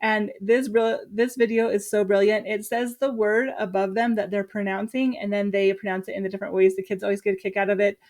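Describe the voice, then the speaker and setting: A woman from Utah, a teacher, chatting casually and lively as she walks through her lesson plan with quick asides. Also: mid-range voice. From Utah, USA.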